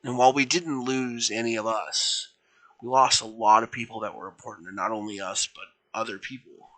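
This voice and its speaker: Gentle caring ice cream genie guy, a streamer doing him in his normal voice, soft and bright. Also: mid-range voice, steady tone, normal speed. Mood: sympathetic. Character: kindly male ice cream genie, perceptive listener.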